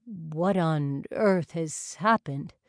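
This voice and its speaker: A gentle, solicitous man close to seventy, unhurried and deliberate in every word, played by a woman reading the story. His voice sits low and measured, with a dry, close sound. It is a storybook reading. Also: dry recording, heavily acted. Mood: concerned. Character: genial, solicitous husband nearing seventy.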